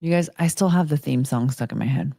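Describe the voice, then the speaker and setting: In a warm, creaky voice pitched extremely low, a livestream host chats with viewers at a fairly quick pace. She rambles, giggles and keeps interrupting herself mid-sentence, all in studio-quality sound without echo.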